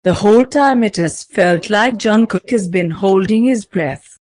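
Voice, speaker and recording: A woman reading fan fiction aloud as narrator, in slow, even storytelling. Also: medium pitch, dry recording.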